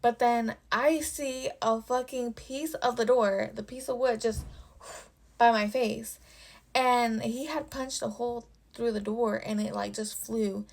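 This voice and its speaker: Gravelly young woman telling a story. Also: on the high side, fairly even intonation, a little slow, darkish tone. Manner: casual and profane, with constant "like" fillers. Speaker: storytime vlogger. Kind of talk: casual storytime vlog.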